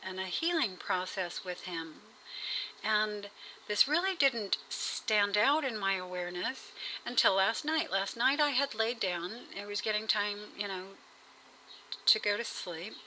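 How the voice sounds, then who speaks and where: A woman's voice: mid-range voice, bright, forceful tone, slight background noise, poor audio. A woman talking in a casual video diary, rambling and hesitant, with many fillers and restarts. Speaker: vlogger. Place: at home.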